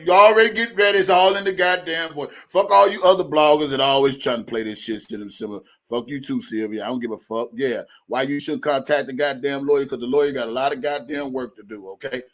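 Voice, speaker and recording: A man's voice: medium pitch, fast, hardly any pauses, fairly bright tone. A man hosting a live stream, ranting heatedly to his viewers in a profane, fired-up way. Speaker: livestream host. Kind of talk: live commentary rant.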